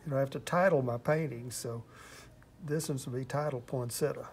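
A man's voice: mid-range voice, fairly quick, a little mellow, a little hiss or hum. An older man from Texas with a Texan accent, chatting casually about his painting in an interview, rambling and self-deprecating. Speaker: interviewed artist.

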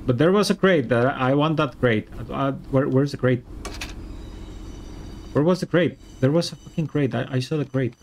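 A man streaming a game, excitable and swearing, yelling at the monster and switching between English and Spanish. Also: mid-range voice, moderate pace, a little hiss or hum. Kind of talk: live gameplay commentary.

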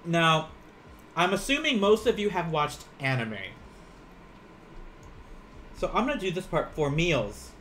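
Casual male streamer-teacher, 30s, slightly high voice, rambling and laughing, faint background hiss. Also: big pitch swings, unhurried, long pauses, fairly bright tone. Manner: chatty, rambling, laughs often, eats while teaching. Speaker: Japanese teacher. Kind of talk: casual live-streamed language lesson.

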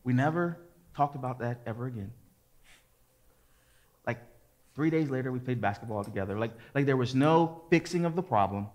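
A man in his forties, a pastor preaching, telling a lively personal story and acting out what people said. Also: medium pitch, moderate pace, long pauses. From American suburbs. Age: 40s. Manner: lively storyteller, acts out quotes and gets loud at the climax. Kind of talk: sermon with a storytelling anecdote.

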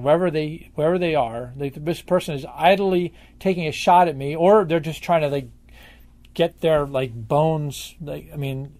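A man's voice: on the high side, a little mellow, no echo. Emphatic, profane man telling stories. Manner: emphatic, profane, rambling storyteller. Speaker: interviewee. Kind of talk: candid conversational interview.

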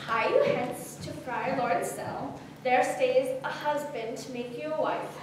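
A woman's voice: high voice, unhurried. A woman playing a fussy, rambling old nurse on stage. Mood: complaining. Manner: complaining, rambling, teasing. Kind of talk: live Shakespeare stage acting. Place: arts center hall, recorded from the audience. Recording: distant, echoey hall, faint hiss.

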